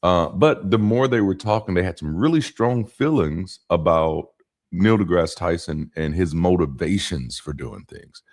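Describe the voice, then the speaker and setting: A man talking to camera in a casual spoken monologue, animated, with rhythmic emphasis and frequent restarts and asides. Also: low voice. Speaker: YouTube commentator.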